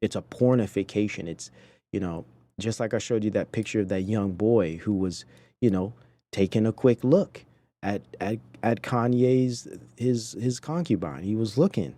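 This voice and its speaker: A man's voice: lowish voice, normal speed, dark tone. A man hosting a podcast, giving indignant, preachy commentary on video clips and talking to his chat. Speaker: podcast host.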